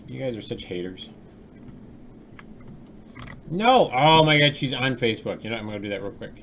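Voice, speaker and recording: A man's voice: medium pitch, animated, moderate pace, a bit bright, slight background noise. A man streaming his game development work live, chatting casually with viewers and laughing often.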